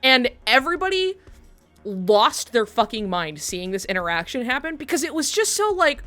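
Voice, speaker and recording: A woman's voice: a little high, sing-song, moderate pace, a bit bright, soft background music. A woman streamer telling a long story to her chat in a rambling way, laughing often and swearing freely.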